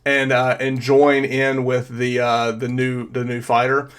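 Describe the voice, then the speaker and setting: A man narrating as game master of a tabletop game, pausing often with fillers as he describes the action. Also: mid-range voice, monotone, a bit bright, clear, resonant tone. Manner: hesitant, filler-heavy narration.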